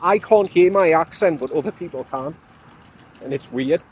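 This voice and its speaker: A man's voice: fairly high pitch, normal speed, darkish tone, slight background noise. A man with an English accent chatting casually while out shopping, full of small exclamations. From England. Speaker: vlogger.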